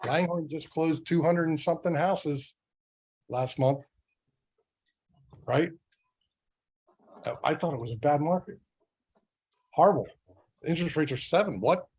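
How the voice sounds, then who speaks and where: A man's voice: fairly high pitch, unhurried, long pauses, a little mellow, husky. A middle-aged man giving a motivational business training talk to sales agents. He speaks conversationally and keeps asking rhetorical questions. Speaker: real estate sales trainer.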